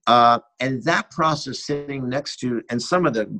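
A middle-aged man, a cinematographer, telling rambling and animated anecdotes in an interview, often restarting his sentences. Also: mid-range voice, moderate pace, rough recording. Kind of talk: interview storytelling.

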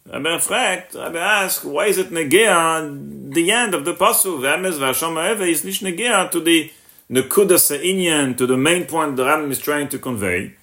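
A rabbi teaching a text-based class in English, mixing in Hebrew and Yiddish terms and translating each one, with many restarts and repeated words. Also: male voice, fairly bright tone. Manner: rises sharply in pitch when voicing the questions. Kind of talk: Torah lesson on a text.

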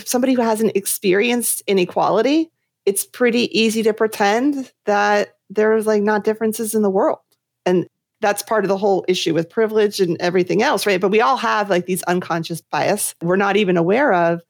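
A woman's voice: medium pitch, brisk, gravelly, no room sound, clean studio sound. A woman speaking thoughtfully and reflectively in a podcast conversation.

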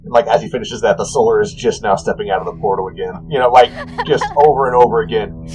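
A man narrating as game master in a casual, animated way, often saying "like". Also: lowish voice, fast talker, music in the background, rough recording.

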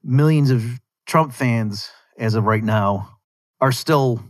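A man's voice: mid-range voice, slow. A man hosting a solo podcast, delivering conversational political commentary with rhetorical asides and an argumentative edge. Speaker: podcast host.

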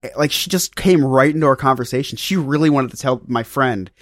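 A man's voice: mid-range voice, brisk, a bit bright, dry recording, clean studio sound. Rambling, self-mocking male podcast co-host. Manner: rambling, self-mocking storyteller with many fillers. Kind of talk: casual storytelling chat.

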